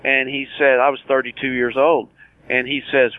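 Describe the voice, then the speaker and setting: A man's voice: mid-range voice, flat delivery, normal speed, no room sound. A man in his sixties, a guest telling his story of surviving cancer in an earnest, plain-spoken way, often restarting his sentences and acting out past conversations. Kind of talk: personal storytelling interview. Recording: tinny phone line.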